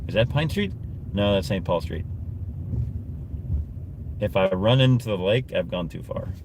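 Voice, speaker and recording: A man talks his way through a live stream from behind the wheel, unhurried and a little low-pitched, chatting to his viewers and muttering to himself. Road and engine noise hum clearly underneath his voice inside the car. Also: expressive, darkish tone. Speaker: livestreaming vlogger. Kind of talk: casual live-stream chatter while driving. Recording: noisy car interior.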